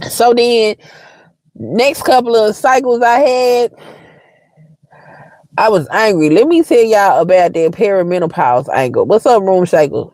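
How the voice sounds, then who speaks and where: A woman's voice: medium pitch, measured pace, pauses often, dry recording. Blunt woman telling stories, dry sound. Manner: blunt and frank, swears freely, wry and expressive. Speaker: livestream host. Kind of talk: casual storytelling to viewers.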